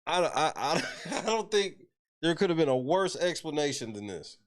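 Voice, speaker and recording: A host giving comedic commentary on a clip, incredulous, loud and profane, laughing often. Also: medium pitch, big pitch swings, normal speed.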